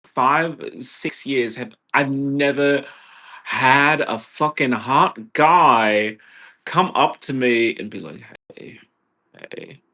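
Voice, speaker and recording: Slow-talking exasperated man ranting. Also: medium pitch. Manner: profane, exasperated, swings from mutters to loud bursts. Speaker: vlogger. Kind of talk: rambling personal rant.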